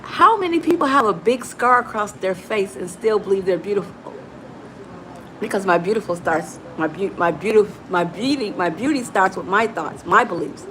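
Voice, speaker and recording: A woman's voice: medium pitch, lively intonation, moderate pace, fairly bright tone, a little hiss or hum, poor audio. A middle-aged woman hosting a live motivational talk, emphatic and preachy, calling her listeners "baby". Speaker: motivational coach and host.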